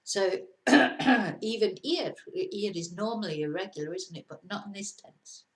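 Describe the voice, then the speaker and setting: A woman's voice: medium pitch, measured pace. A woman teaching a casual video lesson, chatty and encouraging, now and then laughing at herself. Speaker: Spanish teacher. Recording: roomy echo.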